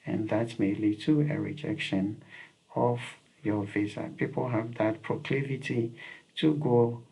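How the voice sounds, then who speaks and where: A man's voice: medium pitch, fairly even intonation, measured pace, vocal fry, mellow, husky, low-quality recording. A man giving earnest, repetitive advice on visa interviews, with frequent fillers. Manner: earnest, repeats key points, frequent fillers. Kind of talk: instructional talk to camera.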